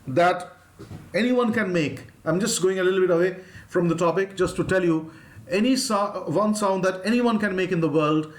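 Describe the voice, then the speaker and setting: A man's voice: high voice, reverberant. A man with an Indian English accent teaching an online phonetics lesson, patiently modelling sounds for students to repeat.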